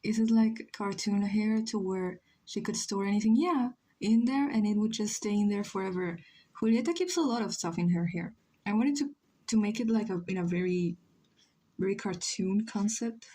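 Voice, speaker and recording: A woman's voice: mid-range voice, normal speed, warm tone. A young woman from Chile, chatting casually and joking with her chat while she draws on a livestream. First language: Spanish. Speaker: streamer.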